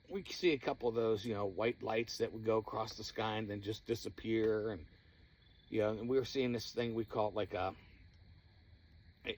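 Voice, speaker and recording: A man casually recounting night-time encounters from his paranormal group, animated and laughing, his voice jumping high when he retells someone shouting. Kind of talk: casual storytelling.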